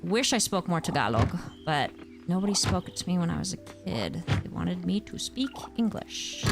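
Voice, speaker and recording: A woman's voice: lowish voice, big pitch swings, moderate pace, gravelly. A young woman chatting casually on a gameplay stream, rambling and answering her chat, with faint music behind her.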